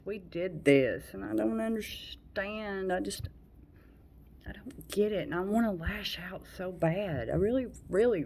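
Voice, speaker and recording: A woman's voice: medium pitch, vocal fry, mellow, slight background noise. A woman in her late forties venting frankly to camera in a rambling monologue, with blunt swearing and heavy sighs. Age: 40s. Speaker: vlogger.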